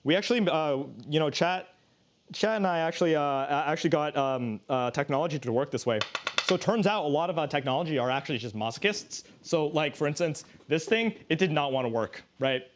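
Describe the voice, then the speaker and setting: Man, streamer, casual cooking chat, rambling, joking, slightly high-pitched. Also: animated, fairly quick, a little hiss or hum. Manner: rambling, joking, many restarts.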